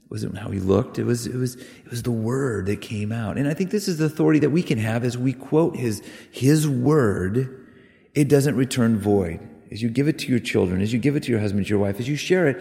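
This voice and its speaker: A man preaching a sermon, earnest and emphatic, with sudden loud rises on key words. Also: mid-range voice, a little fast, vocal fry. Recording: long reverb of a hall.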